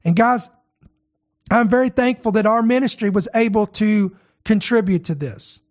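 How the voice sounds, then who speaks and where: A man's voice: high voice, normal speed. A man who leads a ministry, hosting an online show and delivering impassioned, indignant commentary full of rhetorical questions.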